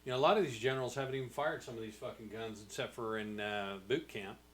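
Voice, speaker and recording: A man's voice: mid-range voice, fast, slight background noise. A man hosting a casual podcast chat, blunt and dismissive, swearing freely. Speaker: podcast host.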